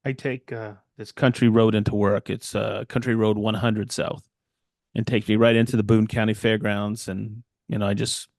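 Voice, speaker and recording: Podcast co-host, middle-aged, rambly storyteller, dry close sound. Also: male voice, lowish voice, moderate pace, creaky, no room sound. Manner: rambling, animated, quotes people in voices. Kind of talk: casual storytelling chat.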